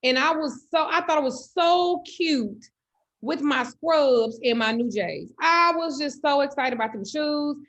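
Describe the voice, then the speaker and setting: A woman telling a comedic story in animated, loud, profane style. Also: high voice, measured pace. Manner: animated, loud, cursing freely. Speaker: host.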